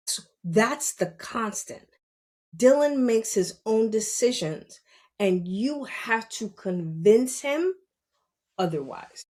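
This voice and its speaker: A woman's voice: medium pitch, a little mellow. A middle-aged woman talking casually on a podcast as a parent, earnest and repeating her points for emphasis. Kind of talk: casual talk.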